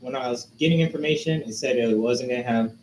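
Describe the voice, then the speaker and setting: A man's voice: mid-range voice, quick pace, a little mellow, slight background noise. A man co-hosting a casual chat, laid-back, jumping in with short remarks. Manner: laid-back, laughs often, interjects. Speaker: podcast co-host. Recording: echoey room with faint ambience.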